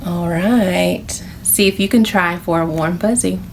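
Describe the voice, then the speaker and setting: Slow, sing-song preschool teacher woman. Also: on the low side, slight background noise. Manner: encouraging, repeats words slowly and clearly. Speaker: pre-K teacher. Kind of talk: slow, sing-song classroom instruction for small children.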